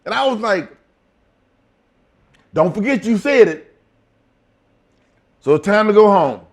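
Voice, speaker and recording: Middle-aged male interview guest, high-ish lively voice, profane storyteller. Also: slow. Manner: profane, animated storytelling with acted quotes. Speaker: interview guest, former wrestler.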